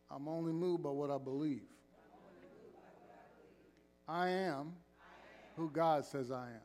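A man's voice: on the high side, a little mellow. A man preaching as pastor in a church, calling for responses and joking with the congregation. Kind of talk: sermon with announcements.

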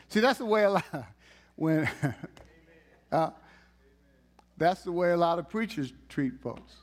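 This high-pitched male preacher talks slowly and pauses often, keeping his church sermon animated and conversational while teasing his listeners. Loud, emphatic passages give way to quiet, gentle ones and back again.

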